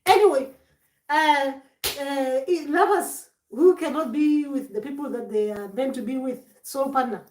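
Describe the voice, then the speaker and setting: A woman's voice: sits high, measured pace, a little mellow, far from the mic, a little hiss or hum. A woman giving an informal spiritual talk, rambling and restarting her words often as she explains her point. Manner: rambling, repeats and restarts words, acts out voices. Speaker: spiritual teacher. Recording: echoey room, voice away from mic.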